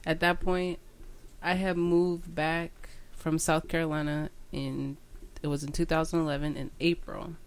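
A young woman from Washington State, a podcast guest telling stories in an animated, frank way during a casual chat. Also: low-pitched, measured pace, a little hiss or hum. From Washington State, USA.

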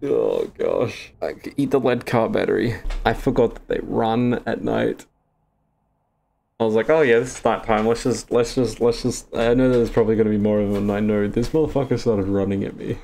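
A man's voice: on the low side, lively intonation, moderate pace, vocal fry, mellow, a little hiss or hum. A young Australian man with an Australian accent giving jittery, swearing gaming commentary as a streamer, with nervous laughter.

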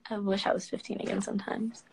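A woman's voice: medium pitch, level tone, fast, gravelly, darkish tone, slightly rough, rough recording. A woman in her twenties from Washington, D.C., chatting casually on a phone livestream and answering viewers' comments at home. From Washington, D.C., United States. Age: 20s. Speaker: model answering fans on a livestream.

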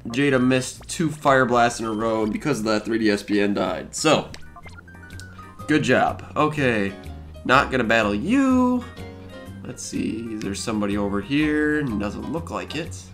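A young man hosting a let's play, commenting on the game as he plays, chatting to the characters on screen with quick exclamations. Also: mid-range voice, bright, forceful tone.

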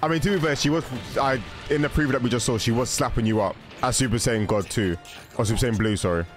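A young man giving a casual, excited reaction commentary, often exclaiming and cutting himself off mid-sentence. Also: medium pitch, quick pace, faint music behind. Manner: exclaiming, self-interrupting, laughing. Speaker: reaction video host.

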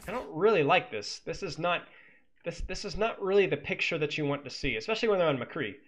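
A man's voice: fairly high pitch, animated, fairly quick, a bit bright. A man coaching as he analyzes a game replay, teasing and sarcastic, cracking jokes between points. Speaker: esports coach.

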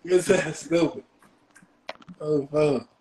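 A man's voice: on the high side, fairly even intonation, takes it slowly, a little mellow. Heated young Chicago man ranting. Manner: heated, taunting, repetitive street slang. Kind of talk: casual livestream rant. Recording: faint background noise.

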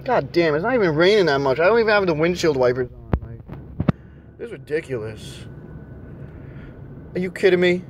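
A man's voice: a little high, expressive, normal speed, pauses often, background noise. A young man ranting and cursing nonstop while driving around and vlogging. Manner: angry, cursing constantly. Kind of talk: casual rant while driving. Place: in a car.

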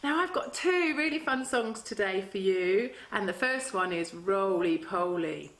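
A woman's voice: animated, a little slow, reverberant. Sing-song woman leading a toddler music class. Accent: British. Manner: bright sing-song, playful, exaggerated high exclamations. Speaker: children's music class leader. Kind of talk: singing and talking to toddlers.

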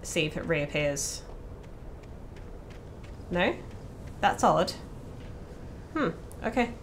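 A woman's voice: lowish voice, animated, very slow, slight background noise. A woman playing a horror game, talking casually to herself, swearing freely and screaming when startled. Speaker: let's play streamer. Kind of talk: casual gameplay commentary.

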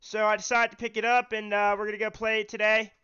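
Man, stream host, very high voice, clear and smooth, halting repeats, muffled lo-fi audio. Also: monotone, bright, forceful tone. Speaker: livestream host taking callers. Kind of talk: hosting a call-in show.

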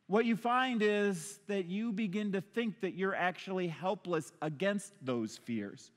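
Male pastor preaching on stage, energetic and conversational, high bright voice, long hall reverb. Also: unhurried, hardly any pauses. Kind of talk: sermon. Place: church stage with a congregation.

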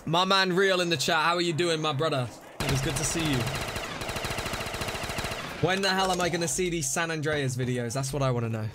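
A man streaming a zombie game live, reacting excitably, scolding himself and thanking donors. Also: a little high, brisk, long pauses, noisy background. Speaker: livestreamer. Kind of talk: live gameplay commentary. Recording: music playing behind voice. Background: game music and gunfire.

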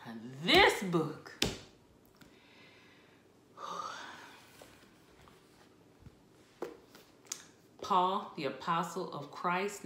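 A woman chatting casually about books she read, expressive and talkative with laughs and asides. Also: low voice, reverberant, a little hiss or hum. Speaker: book vlogger. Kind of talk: casual book review chat.

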